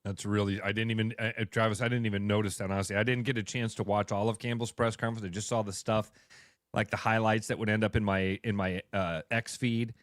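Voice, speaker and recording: A man's voice: fairly low pitch, little pitch movement, fast talker, no room sound, studio quality. A man co-hosting a sports radio show, chatting casually and agreeably with his partner. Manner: chatty, agreeable, calls the host by name.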